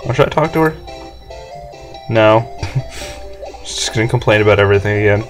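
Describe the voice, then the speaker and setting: A man's voice: lowish voice, normal speed, long pauses, soft background music. Jokey man commentating a game. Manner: jokey, goofy asides. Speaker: let's play commentator. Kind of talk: casual gameplay commentary.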